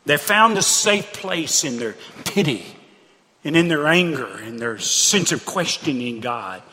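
A man's voice: on the high side, lively intonation, a little slow, pushed and bright, a little hiss or hum. A pastor preaching a sermon in an earnest, conversational way, often repeating his phrases. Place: church sanctuary. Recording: preacher in a reverberant sanctuary.

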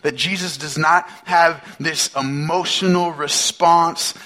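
A male pastor delivers a sermon in a loose, conversational style, turning often to the congregation with questions. His voice is bright, forceful and sits a little high for a man. He leans hard on repeated phrases to drive each point home. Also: steady tone, slow pace. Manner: emphatic, repeats phrases for stress.

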